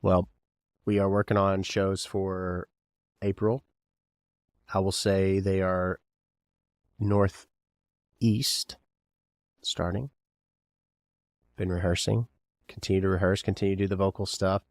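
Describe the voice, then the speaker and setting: A man's voice: deep voice, level tone, takes it slowly, pauses often, no echo, clean studio sound. A man from Kentucky hosting a podcast alone, rambling and joking and firing questions at the listener. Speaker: podcast host. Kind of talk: casual solo podcast chat.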